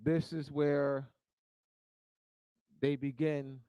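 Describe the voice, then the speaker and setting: A man's voice: flat delivery, extremely slow, clean tone, dry recording, poor audio. A man giving a teaching talk, repeating phrases for emphasis and building in force as he goes. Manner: grows louder and higher toward the end. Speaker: speaker.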